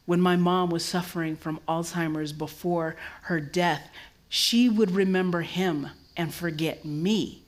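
A middle-aged woman pastor preaching a sermon, swinging from low and reflective to high, loud emphasis. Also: fairly even intonation. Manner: drops low and slow for reflective moments.

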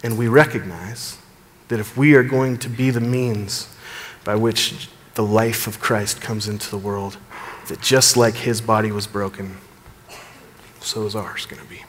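A man preaching a sermon as pastor, earnest, building emphasis and dropping low at the ends of phrases. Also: fairly even intonation, unhurried, fairly bright tone, big-room sound, slight background noise.

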